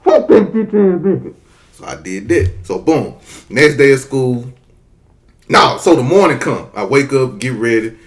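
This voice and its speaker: Animated profane man telling a story. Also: mid-range voice, measured pace. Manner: animated, profane, acts out voices. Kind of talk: casual comic storytelling.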